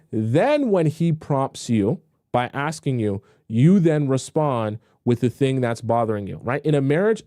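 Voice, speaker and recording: Blunt male dating coach, warm dry voice. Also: mid-range voice, no echo. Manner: blunt, repetitive, conversational, acts out pleading voices mockingly. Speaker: dating coach hosting a live stream. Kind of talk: live-stream advice talk, reading viewer questions.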